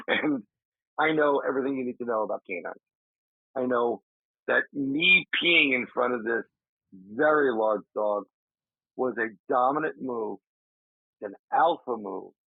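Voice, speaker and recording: A man, a paranormal investigator, telling an animated story in a casual interview, acting out his friend's shouts. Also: medium pitch, gravelly, no echo. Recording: dry tinny remote call audio.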